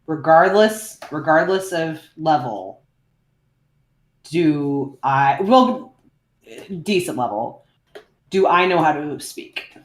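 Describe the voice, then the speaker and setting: Woman, stream co-host, dry teasing, casual chat, echoey room. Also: sits low.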